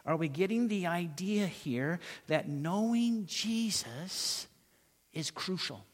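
A man's voice: a little high, lively intonation. A man preaching a sermon as pastor, telling stories and asking the congregation rhetorical questions. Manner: storytelling preacher, rhetorical questions, dramatic pauses. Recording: long hall reverb.

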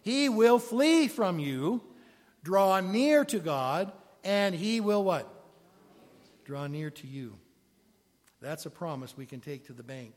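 A man preaches a sermon in a church sanctuary, keeping it conversational by putting questions to his congregation along the way. His voice sits fairly high and sounds animated, moving at a slow pace with long pauses. The recording carries the long reverb of a large hall.

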